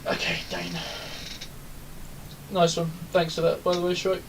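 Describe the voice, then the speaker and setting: A man's voice: high voice, flat delivery, measured pace, background noise. Man leading a raid over voice chat. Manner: instructive, many ums and likes. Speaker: raid leader. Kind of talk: casual voice chat while gaming.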